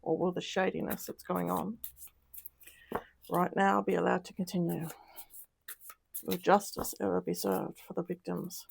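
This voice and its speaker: A woman's voice: fairly low pitch, little pitch movement, a little slow, vocal fry, pauses often, slight background noise. A woman doing a casual tarot reading, talking in an upset, emotional way with sighs and trailing sentences. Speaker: tarot reader.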